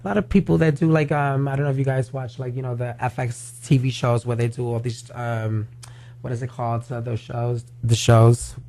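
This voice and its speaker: A man who performs as a drag queen, chatting as a guest in a radio studio, talking fast and loose with lots of filler words. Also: medium pitch, level tone, warm tone, slight background noise. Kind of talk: casual radio interview chat.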